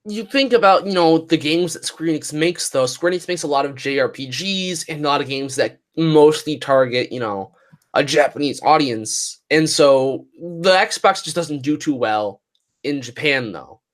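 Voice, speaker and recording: A man's voice: a little high, moderate pace. A man co-hosting a casual gaming podcast, chatty, hedging his claims and checking facts. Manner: conversational, hedging, corrects facts. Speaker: podcast co-host. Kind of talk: casual chat.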